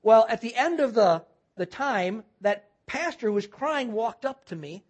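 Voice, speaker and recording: A minister telling a story in a sermon, earnest, halting and restarting often. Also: mid-range voice, lively intonation. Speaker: guest minister.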